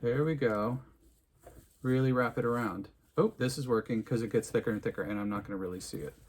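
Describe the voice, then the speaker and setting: A man's voice: medium pitch, a little fast, darkish tone. A man giving an unscripted crafting tutorial, chatting, thinking aloud and humming to himself as he works. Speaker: craft instructor.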